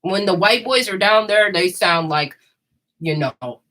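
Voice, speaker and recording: A woman's voice: mid-range voice, lively intonation, unhurried, bright, forceful tone, poor audio. A woman chatting casually and candidly, rambling and laughing often. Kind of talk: casual chat.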